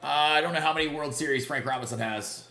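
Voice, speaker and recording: A man hosting a casual live game stream, greeting viewers by name and reacting loudly to big plays. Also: fairly high pitch, fast, creaky, echoey room, a little hiss or hum. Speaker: livestream gamer.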